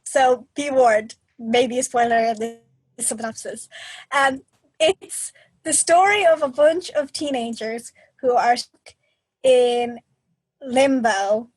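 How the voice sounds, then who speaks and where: High-voiced animated woman podcast co-host. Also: slow, husky, no room sound. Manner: animated, expressive. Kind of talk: casual chat.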